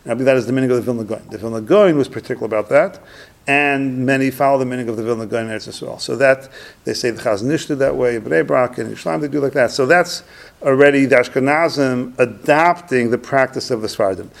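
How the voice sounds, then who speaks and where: A man's voice: mid-range voice, fast, creaky. A man teaching a religious text lesson, reading Hebrew phrases and then translating and explaining them in English, repeating points for emphasis. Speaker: Torah teacher. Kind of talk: Talmudic-style text study lesson.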